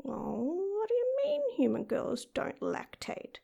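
This is a playful female cat living in a young woman's body, speaking to the listener in an audio role-play, as a woman puts her on. She takes her time over every word and calls herself by name rather than "I". Her high voice is full of gravelly fry and breaks into frequent meows. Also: very animated, slow, warm tone, exaggerated voice. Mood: curious. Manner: refers to herself in third person, meows often.

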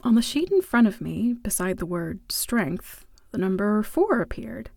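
A woman's voice: mid-range voice, big pitch swings, measured pace, creaky, darkish tone, dry recording. Wry woman narrating a story, dry sound. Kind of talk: first-person story narration.

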